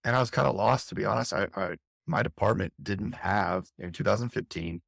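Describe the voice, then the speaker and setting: This middle-aged man, a fire captain on a podcast, describes a harrowing event intensely and openly in an interview, often starting phrases over. His lowish voice is gravelly and fairly bright, his pace fairly quick, and the studio recording is clean with no echo.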